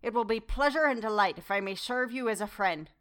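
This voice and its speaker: A woman's voice: fairly high pitch, animated, a bit bright, clear, resonant tone. A woman voicing an old, fervent foreign professor. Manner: broken formal English, slow and fervent. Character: old male foreign professor, earnest, effusive. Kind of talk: audiobook character reading.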